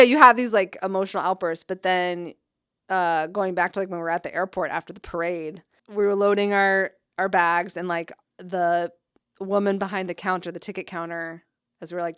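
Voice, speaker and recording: A woman's voice: on the low side, moderate pace, clear, resonant tone, dry recording. Brief: young woman trainer, podcast guest, talkative, filler-heavy storytelling, dry booth sound. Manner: chatty, heavy use of "like", animated retelling. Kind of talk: casual storytelling interview.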